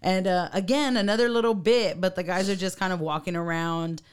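A woman's voice: fairly low pitch, fairly quick, smooth. A young woman co-hosting a podcast, casually recapping a TV episode, giggling often and acting out quotes. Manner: giggly, animated storytelling with mimicked quotes. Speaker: podcast co-host.

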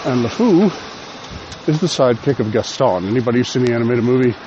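Talking fast and expressively in a mid-range voice, a podcast host records his casual solo show as he walks outdoors, slightly out of breath. He's chatty and self-deprecating, and the lo-fi recording picks up background noise.

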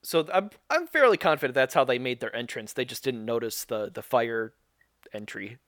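A man's voice: mid-range voice, lively intonation, normal speed, fairly bright tone, no room sound. Chatty man recapping with a dry close mic. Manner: rambling, self-interrupting, laughs often. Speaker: podcast co-host recapping a show. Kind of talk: casual chat.

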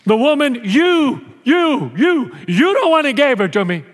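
A man's voice: high voice, sing-song, drawn-out words, breathy edge, in a large hall, exaggerated voice. A man playing a whining first man who stammers out excuses and blames others. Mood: whiny.

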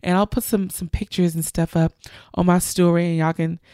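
A woman's voice: on the low side, level tone, moderate pace, mellow, no room sound, studio quality. A young woman, a bride-to-be, chatting to her viewers in an emotional, gushing storytelling style. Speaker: bride-to-be vlogger.

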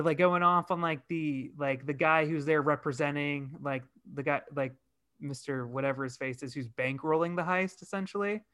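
High, bright male co-host; casual film chat, animated and profane. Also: clear, resonant tone. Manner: animated, swearing, acts out his own reactions.

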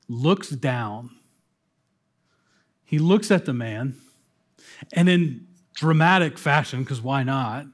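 A man pastor preaching a sermon in a conversational way, slowing down for dramatic pauses. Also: high voice.

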